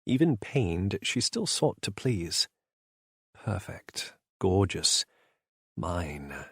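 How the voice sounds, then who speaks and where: A man narrates an audiobook in the first person with a measured, brooding delivery. His voice sits very low and husky. The recording is close and dry. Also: very animated, a bit bright, no room sound.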